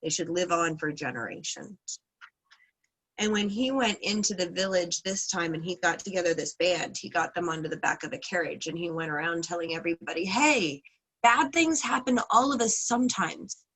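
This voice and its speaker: Bright, husky woman telling a folk tale. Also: fairly low pitch, steady tone, a little fast, poor audio. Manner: chatty, hedging, playful. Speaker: class teacher. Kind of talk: casual lesson with folk storytelling.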